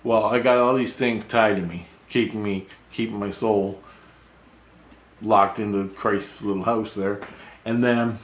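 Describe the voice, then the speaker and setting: A man vlogging, telling a rambling personal story with chuckles. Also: on the low side. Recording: roomy echo.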